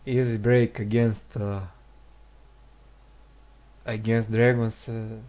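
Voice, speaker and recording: A man commentating a live strategy game with his co-hosts, pausing often with hesitant fillers as he works through the numbers. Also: lowish voice, flat delivery, mellow. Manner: hesitant, frequent filler pauses.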